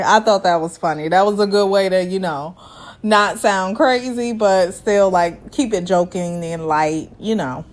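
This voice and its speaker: A woman giving a casual, animated recap of a reality show, acting out the people she quotes in voices and speaking in a folksy, way. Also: medium pitch, unhurried.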